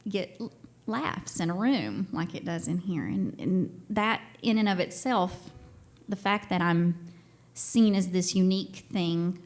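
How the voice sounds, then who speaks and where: A woman's voice: lowish voice, slow. Young Southern woman, stage storyteller, chatty and self-deprecating. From Tennessee and Georgia. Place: stage before a live audience.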